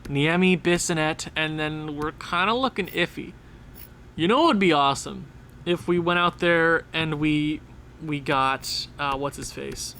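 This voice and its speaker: Excitable high-voiced gaming guy. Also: a little slow, a little hiss or hum. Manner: excitable, talks to the game and players. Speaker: gaming channel host. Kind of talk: casual gameplay commentary.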